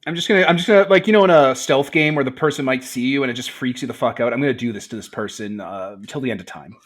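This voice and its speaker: A man playing a tabletop game who rambles quickly through his plans. His talk is casual and loose, with the odd swear word thrown in. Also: mid-range voice. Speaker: player.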